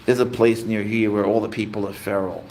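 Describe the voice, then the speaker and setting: A man's voice: fairly low pitch, little pitch movement, a little fast, darkish tone. A man hosting a casual livestream, chatting easygoing and rambling while he answers viewer comments. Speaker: livestream host and pet owner.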